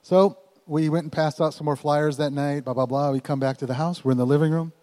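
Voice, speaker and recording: A man preaching at a church, telling a story in a folksy, animated way with chuckles in between. His voice sits a bit higher than most men's. A long reverb trails off each phrase, as if in a large hall. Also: a little fast. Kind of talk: sermon storytelling.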